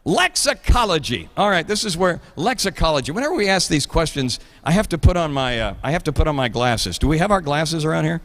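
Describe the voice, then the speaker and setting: A man's voice: on the high side, very animated, brisk, few pauses, fairly bright tone, big-room sound. A man in his fifties hosting a live trivia show in a playful, jokey, rambling way. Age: 50s.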